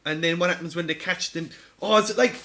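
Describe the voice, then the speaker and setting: A man co-hosting a podcast in casual chat, spinning an excitable, profane story. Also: on the high side, fast talker. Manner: animated, excitable storytelling with lots of swearing. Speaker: podcast co-host.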